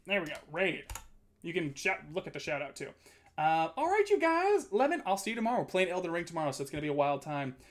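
A man's voice: fairly high pitch, rapid-fire. A man streaming, chatting casually with his viewers and reading chat aloud. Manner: chatty, reads chat aloud, animated swings.

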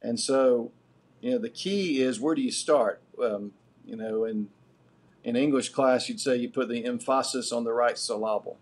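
A middle-aged man giving a live class lecture as guest lecturer, building his points deliberately and earnestly. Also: medium pitch, husky.

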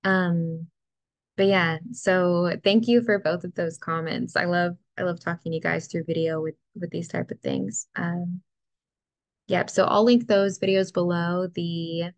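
Young woman vlogger, slow and gravelly, heartfelt reflective delivery to camera, dry close sound. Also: fairly low pitch, lively intonation, no room sound. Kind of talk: reflective personal vlog. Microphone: ring light setup, camera close to face.

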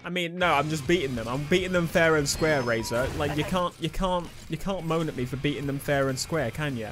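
A man giving excitable let's play commentary over a racing game, swinging between muttering and shouting. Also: fairly high pitch, brisk. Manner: excitable, shouts and laughs at the race. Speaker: gaming YouTuber. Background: game music and engine sounds.

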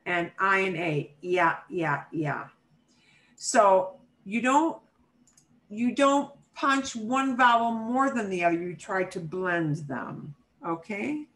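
A woman teaching a Spanish class over a video call, who models pronunciation by repeating words slowly and checks in often with her students. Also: medium pitch, a bit bright, rough recording. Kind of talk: online class instruction.

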